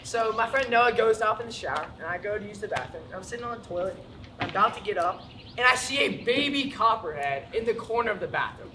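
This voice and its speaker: A young American man doing a stand-up comedy set, telling stories with animated, panicky acted-out moments. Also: high-pitched, fast talker, background noise. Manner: animated storytelling, acts out panic. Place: school auditorium with live audience.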